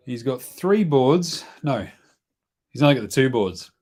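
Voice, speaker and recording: A man's voice: medium pitch, lively intonation, a little slow, darkish tone. Joking Australian man hosting a live stream. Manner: joking, chatty, talks to his baby. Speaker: host. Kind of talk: casual live stream game chat.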